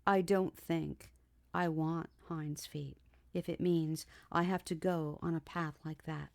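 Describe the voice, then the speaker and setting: A woman's voice: lowish voice, a little slow, gravelly. A woman reading an audiobook, voicing a timid, frightened young woman who pleads and trembles. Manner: pleading, sobbing, breathless.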